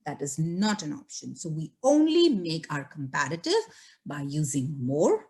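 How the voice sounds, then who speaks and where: A woman's voice: deep voice, sing-song, measured pace, darkish tone. A middle-aged woman teaching an English grammar lesson, patiently checking in with her students. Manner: patient, repeats "okay?" and "all right?" to check students.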